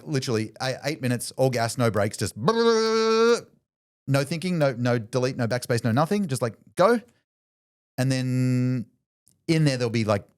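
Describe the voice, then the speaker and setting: A man, a business coach guest on a podcast, telling a story in a loose, animated way with lots of fillers and restarts. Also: medium pitch, dry recording, clean studio sound. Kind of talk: casual storytelling in conversation.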